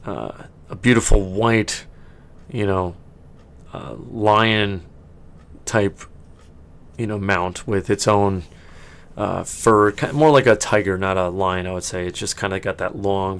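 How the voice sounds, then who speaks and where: Low male game master, casual and rambling, laughs easily. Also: steady tone, takes it slowly, clear, resonant tone. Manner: chatty, laughs often, many fillers. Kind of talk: narrating a tabletop game.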